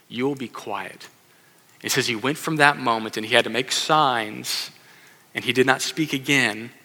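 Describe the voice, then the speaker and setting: A man preaching a lively sermon, acting out the voices in his stories and calling on the kids in the room. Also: medium pitch. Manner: animated, acts out quoted voices, addresses kids in audience. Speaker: pastor. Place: church sanctuary. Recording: long hall reverb.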